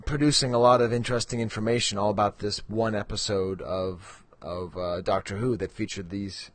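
A man's voice: on the low side, fairly even intonation, normal speed. A middle-aged man co-hosting a podcast in casual, rambling chat, laughing at himself often. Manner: rambling, self-mocking, frequent ums and laughs. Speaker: podcast co-host.

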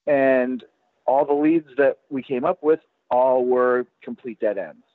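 A man, a guest collector, chatting casually on a podcast in a halting way, full of restarts and fillers. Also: medium pitch, dry recording. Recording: tinny, dry phone line.

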